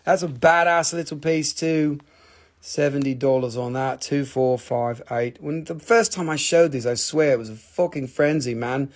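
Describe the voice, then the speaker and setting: A man's voice: on the high side, moderate pace. A man selling minerals on a casual live stream, joking, swearing and rambling as he talks. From Appalachian Valley, United States.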